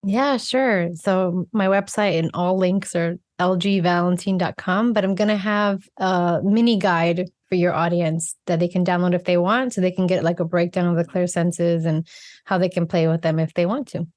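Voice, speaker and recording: A woman who is a guest on a podcast, speaking in an expressive, earnest way about her inner life. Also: fairly low pitch, moderate pace. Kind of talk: heartfelt spiritual conversation.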